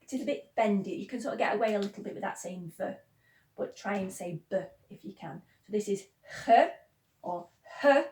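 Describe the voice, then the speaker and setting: A woman's voice: medium pitch, fast talker, a little mellow. Woman teaching Spanish sounds. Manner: patient, chants sounds in rhythm. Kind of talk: pronunciation lesson for school pupils. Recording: echoey room.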